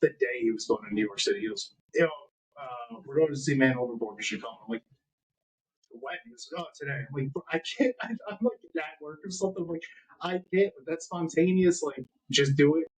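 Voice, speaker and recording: A man's voice: on the high side, fairly quick, breathy edge, rough recording. A man, hosting a podcast in a laid-back casual chat and laughing often. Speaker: podcast host.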